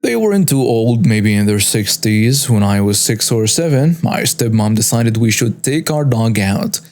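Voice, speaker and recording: A man's voice: lowish voice, expressive, moderate pace, a little mellow. A man reading out a first-person story as the narrator of a storytelling channel.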